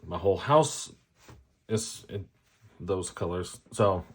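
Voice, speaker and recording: A fountain pen ink reviewer, an adult man who is a parent, talks casually to viewers while swatching inks. His voice sits low and expressive, and he speaks slowly over a noisy background. He cracks jokes, pokes fun at himself, and drifts into chatty asides.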